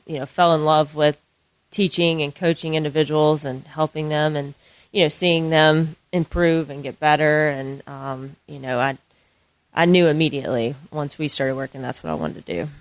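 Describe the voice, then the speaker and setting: A young woman, a golf and fitness instructor, answering interview questions softly with many ums and fillers. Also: low-pitched, normal speed. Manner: soft-spoken, many ums and you-knows.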